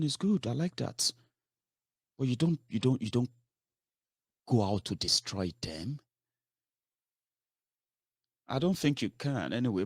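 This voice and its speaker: A man's voice: lowish voice, no room sound, studio quality. A man giving a heated political commentary, scolding his listeners with rhetorical questions and swearing.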